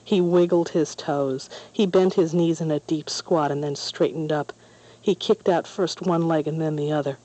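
A narrator reading a children's story aloud in a calm, measured way. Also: medium pitch, rough recording.

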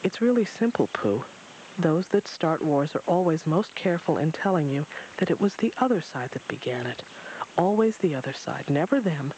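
Old male stranger in a storybook, calm, reflective, a bit wry; a man voices him. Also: fairly high pitch, moderate pace, a little hiss or hum, poor audio. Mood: wise. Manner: calm, reflective, lightly mocking. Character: wise, gently amused old man stranger.

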